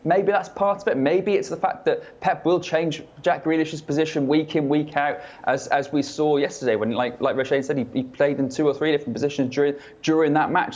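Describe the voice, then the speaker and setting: A man chatting as a football reporter on a panel, animated and joking, with emphatic points. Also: fairly high pitch, a little fast, few pauses, highs cut off. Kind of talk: studio panel chat.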